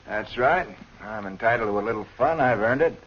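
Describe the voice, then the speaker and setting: A man's voice: lowish voice, animated, a little fast, slight background noise, lightly acted. An actor in a 1940s film playing a cocky, boastful young male boxer. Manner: brash, boastful, wisecracking. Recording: dull lo-fi 1940s film soundtrack. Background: loud band music and crowd.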